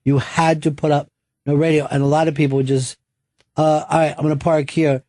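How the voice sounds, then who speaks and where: A man's voice: on the high side, flat delivery, brisk, warm tone, no echo. New man swapping loose stories. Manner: loose storytelling, swears freely. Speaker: podcast host. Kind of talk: casual chat. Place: studio.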